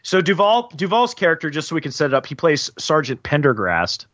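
A man co-hosting a casual film discussion, explaining in a halting way with many fillers. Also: fairly high pitch, very animated, fairly bright tone, no room sound. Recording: dull lo-fi dry sound.

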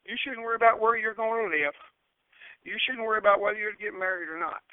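A man with a strikingly high voice delivers an earnest evangelistic sermon, hammering home his points by repeating them. The sound is thin and phone-like, and dry, with no room around it. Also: fast, clean tone, no room sound. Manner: earnest, emphatic preaching with repeated phrases. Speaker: preacher. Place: outdoors in a breeze.

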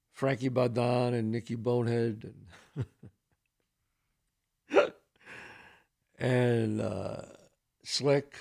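Gravelly older Bronx-accented man. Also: mid-range voice. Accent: Bronx New York. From New York. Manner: animated storyteller who acts out quoted voices. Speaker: podcast host. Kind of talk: casual storytelling.

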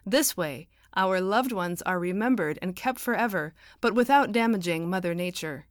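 A patient, idealistic woman explains things in an earnest storybook voice, read by a woman. Her tone is kindly and even, recorded dry. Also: on the low side, normal speed, no room sound, lightly acted.

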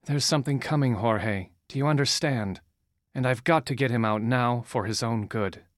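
A man's voice: medium pitch, normal speed, dry recording, clean studio sound, close to an everyday voice. A man voicing a determined, resourceful young woman who speaks firmly and directly in an audiobook. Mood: urgent. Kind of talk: audiobook character voice.

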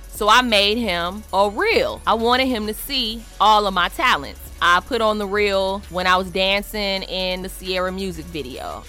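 A woman telling a personal story in a casual, slangy, emphatic way, acting out the quoted lines with lively expression. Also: medium pitch.

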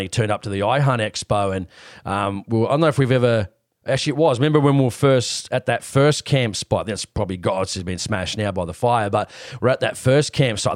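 A man's voice: fairly low pitch, no echo, studio quality. A man, hosting a podcast and rambling through stories in casual chat. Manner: rambling storyteller, acts out quoted voices. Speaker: podcast host. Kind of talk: casual chat about hunting trips.

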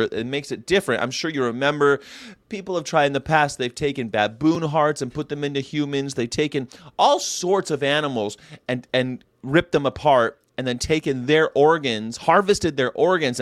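A man from Southern California hosting a casual vegan livestream, talking in an animated, rambling way that jumps between jokes and pleas. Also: medium pitch, no echo, clean studio sound. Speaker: vegan channel host.

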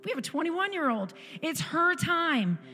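A woman's voice: very high-pitched, big pitch swings, a little slow, sharp tone. A woman in her forties giving an emphatic sermon testimony in a church service, repeating phrases for effect. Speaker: guest speaker in a church service. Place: church sanctuary. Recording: echoey church hall with music.

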